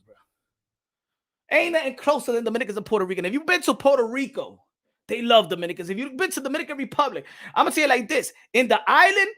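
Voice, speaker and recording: Animated man ranting on a vlog. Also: very high voice. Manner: animated, emphatic, repeats phrases often; laughs between points. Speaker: boxing channel host. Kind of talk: casual vlog commentary.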